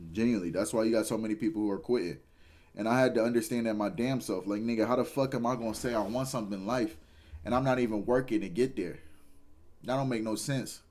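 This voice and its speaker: A man's voice: on the low side, a little mellow. A tired young man, a streamer giving a rambling, earnest motivational talk and swearing casually. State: tired, yawning.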